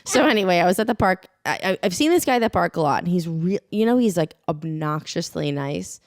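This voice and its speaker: A woman's voice: lowish voice, animated, fairly quick, no echo, studio quality. A young adult woman co-hosting a podcast, a blunt, rambling storyteller who laughs often in casual chat. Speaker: podcast co-host.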